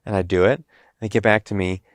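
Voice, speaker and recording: A man with a fairly low voice chats on his podcast. He tells a long, animated story and keeps restarting his sentences. The sound is close and dry. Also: quick pace, no room sound. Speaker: podcast host. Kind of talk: casual chat.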